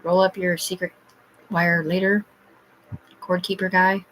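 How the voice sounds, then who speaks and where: A woman's voice: fairly low pitch, flat delivery, unhurried, fairly bright tone. A woman talking to her livestream in a rambling, agitated, heavily profane rant.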